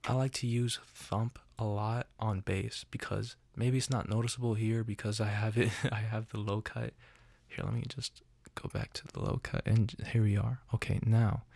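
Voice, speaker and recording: A man with a low, gravelly voice hosts a casual gear demo, rambling along with self-deprecating, jokey asides. He is recorded close on a studio condenser mic, and the sound is dry with no room echo. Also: level tone, moderate pace, a little mellow. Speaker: channel host. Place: untreated home room. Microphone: studio condenser mic through outboard chain.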